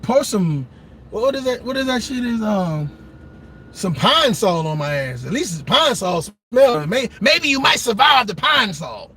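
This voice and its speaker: A man doing a loud, profane comedic rant, laughing often and slipping into mock voices. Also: sits high, very animated, normal speed, husky. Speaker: comedic commentator.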